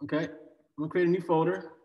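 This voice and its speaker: A male coding bootcamp instructor with a fairly high voice leads a live online class in a loose, joking manner, full of fillers and restarts. His voice rings in an echoey room with a long reverb. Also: flat delivery, fast talker, dull audio.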